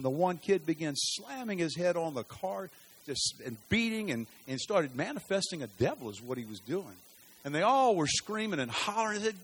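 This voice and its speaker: A preacher with a husky, breathy edge to his voice and a drawl. He tells folksy stories from the pulpit, rising to loud cries and then dropping to near-whispers. His voice sits a little higher than most men's. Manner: animated, folksy storytelling with sudden loud bursts and hushed drops. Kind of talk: sermon.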